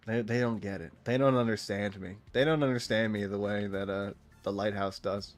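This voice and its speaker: A man's voice: on the low side, brisk, few pauses. A young man casually commenting while he plays a video game, rambling and joking with frequent laughs. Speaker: gaming streamer.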